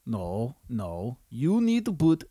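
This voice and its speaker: A man's voice: mid-range voice, huge pitch swings, slow pace, warm tone, slightly rough, no echo, full character voice. A man playing a blunt, stubborn Russian man in a comedy sketch, with a put-on Russian accent and clipped broken English. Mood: stubborn, puzzled.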